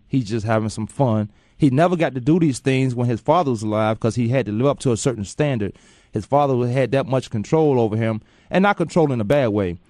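A man's voice: medium pitch, darkish tone, dry recording, studio quality. Casual, slangy male sports-radio host. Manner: joking, loose, slangy. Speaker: sports talk show host.

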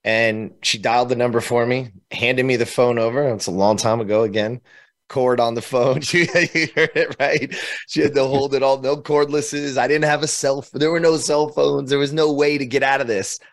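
A man from California telling an emotional personal story as a podcast guest, animated and laughing between phrases. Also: mid-range voice, normal speed.

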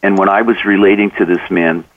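Low-voiced man telling stories on radio. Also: fairly even intonation, a little fast, recorded from a distance, phone-quality sound. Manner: earnest, acts out dialogue in anecdotes. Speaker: author and coach, interview guest. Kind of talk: conversational interview, storytelling.

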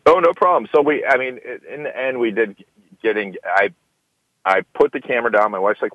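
A man's voice: mid-range voice, brisk, no echo. A man being interviewed as a guest speaker, chatting casually and acting out quoted dialogue as he tells stories. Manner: animated storyteller, acts out quoted dialogue. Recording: dull lo-fi dry sound.

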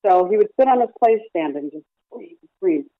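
Over a tinny, dry telephone line, a woman who runs a parrot rescue explains her training at length, giving examples during a phone-in radio interview. Her mid-range voice has lively intonation and a moderate pace, with no echo.

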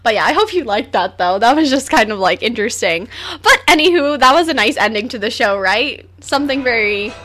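A woman's voice: fairly high pitch, expressive, brisk, fairly bright tone. A teenage girl hosting a radio show, chatting casually with lots of fillers and giggles.

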